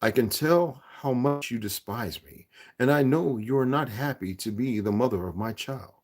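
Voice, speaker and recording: A man reading aloud, voicing a stern, possessive man who speaks softly and calmly with a serious edge. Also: medium pitch, normal speed, close to an everyday voice. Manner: soft, calm, serious. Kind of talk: audiobook reading.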